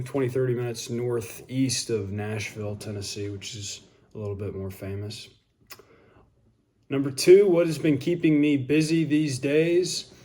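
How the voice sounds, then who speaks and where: A young man, a high school English teacher, answering a list of questions in a measured, slightly formal way. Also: darkish tone. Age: young adult. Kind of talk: answering questions for a video update.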